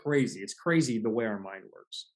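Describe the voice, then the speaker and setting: A man's voice: lowish voice, expressive, normal speed. A man in his forties hosting a podcast, telling stories earnestly and casually, with some swearing. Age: 40s. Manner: earnest storyteller, profane. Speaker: podcast host. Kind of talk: casual conversation.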